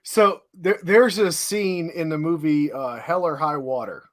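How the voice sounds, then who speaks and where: Dry-joking man, fairly high voice. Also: unhurried. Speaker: podcast co-host. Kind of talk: casual chat.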